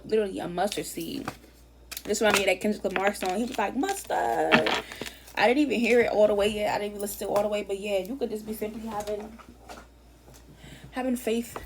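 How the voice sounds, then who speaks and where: A woman's voice: medium pitch, noisy background. A woman giving a casual tarot reading, chatty and rambling, often repeating herself and dropping slang. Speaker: tarot reader.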